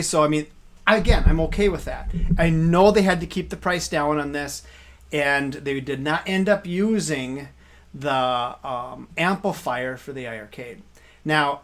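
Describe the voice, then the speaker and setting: A man's voice: on the high side, fairly bright tone. A man casually explaining arcade hardware on a live stream, rambling with fillers as he points things out.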